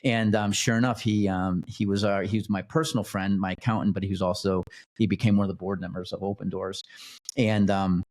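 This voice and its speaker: A man with a somewhat low voice shares his own story as a podcast guest. He talks casually and rambles, stumbling over restarts and repeated words as he goes. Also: level tone, fairly quick, darkish tone. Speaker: podcast guest, nonprofit founder.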